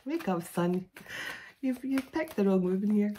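A woman voicing God as a stern man with a Scottish accent, loudly scolding someone to wake up. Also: medium pitch, animated, unhurried, a little hiss or hum, lightly acted.

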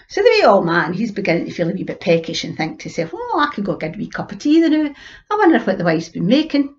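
A woman with an Ayrshire Scots accent telling a folk tale in a lively, folksy way. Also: medium pitch, highs cut off. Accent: Scottish, Ayrshire. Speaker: storyteller. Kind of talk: animated oral storytelling.

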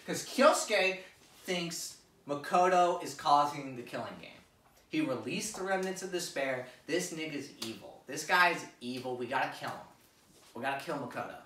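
A young man giving a crude, slangy, rambling story recap to friends, acting out the characters' lines. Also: a little high. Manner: crude slangy storytelling, animated quoted voices. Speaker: presenter of a fan lecture. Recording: echoey room, voice from a distance.

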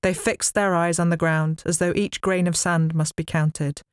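A woman's voice: fairly low pitch, fairly even intonation, moderate pace, clear, resonant tone, no echo. A woman author reading her own novel aloud in a studio, with wry storytelling. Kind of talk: dramatic book reading. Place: recording studio.

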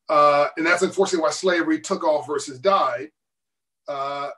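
A man with a high voice talks as an interview guest, pressing each point with emphatic bursts and short laughs. He sits away from the microphone, so the call sound is thin and distant. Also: a bit bright. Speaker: guest author. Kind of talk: passionate interview talk.

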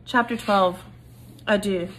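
A woman reading a children's novel aloud in an expressive, animated way. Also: medium pitch, slow pace, poor audio. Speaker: storybook reader.

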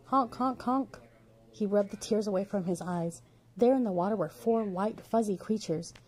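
A woman reading a children's storybook aloud in a steady, expressive way. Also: medium pitch, moderate pace, breathy edge.

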